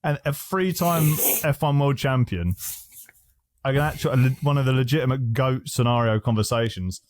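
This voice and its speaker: A man co-hosting a podcast, telling stories in animated casual chat and laughing often. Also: mid-range voice, moderate pace, no echo. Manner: animated storytelling, laughs a lot, swears. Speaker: podcast co-host.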